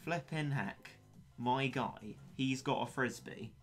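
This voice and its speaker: A man's voice: mid-range voice, takes it slowly, faint music behind. A young man in his late teens chatting casually and wryly on a game stream, poking fun at himself. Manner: chatty, wry and self-mocking. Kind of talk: casual gaming stream chat.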